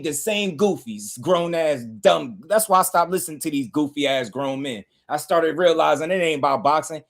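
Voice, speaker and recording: A man hosting a boxing channel, ranting in casual commentary with heated, profane emphasis. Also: on the high side.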